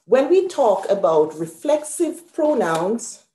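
A woman's voice: on the high side, big pitch swings, takes it slowly, warm tone, echoey room. A woman teaching a live grammar lesson at a whiteboard, explaining patiently step by step and correcting herself aloud. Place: room with a whiteboard.

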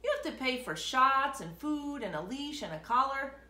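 A woman's voice: high-pitched, animated, normal speed, bright, forceful tone, reverberant, voice pushed up. Sensible cautious tomato guy, as a woman puts him on. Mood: explaining. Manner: warning, explaining.

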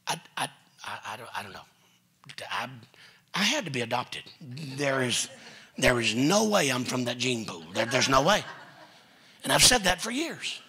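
A man's voice: mid-range voice, very animated, normal speed, pauses often, bright, forceful tone, breathy edge. A man preaching a sermon in a church, telling family stories in a folksy way and quoting relatives. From Texas. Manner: folksy storytelling preacher, quotes family members. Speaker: pastor. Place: church sanctuary.

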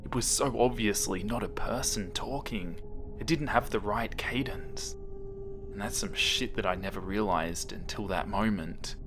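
A man narrates a creepypasta horror story in a slow, hushed delivery. His voice sits low, and he lets it sink to a whisper in tense moments. Faint music plays beneath him.

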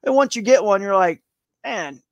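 A man's voice: on the high side, fairly quick, dry recording, highs cut off. A man chatting as a guest on a live interview show, rambling and upbeat, saying "man" and "dude" a lot. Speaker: guest, tournament kayak angler.

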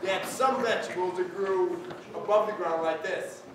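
A man's voice: sits high, normal speed, noisy background. A man telling a folk tale to schoolchildren, coaxing answers from them and drawing words out for suspense. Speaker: storyteller. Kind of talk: interactive storytelling for children. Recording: echoey school hall from far off. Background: children's audience.

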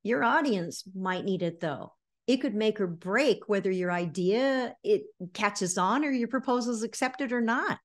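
A middle-aged woman giving a lively virtual workshop on presentation skills, telling stories and breaking into snatches of song. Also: mid-range voice, a little slow. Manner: animated storyteller, bursts into snippets of song.

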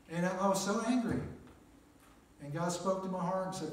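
Man, middle-aged, chapel preacher, plainspoken testimony, fairly high voice, heavy room echo. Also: normal speed, long pauses. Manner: plainspoken storyteller, many "uh" and "make a long story short". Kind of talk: testimony sermon. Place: small chapel. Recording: echoey chapel, mic at a distance.

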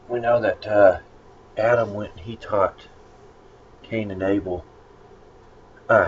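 A man giving a casual Bible lesson, rambling and conversational with many fillers. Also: on the low side. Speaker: Bible study teacher. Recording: dull lo-fi recording with faint noise.

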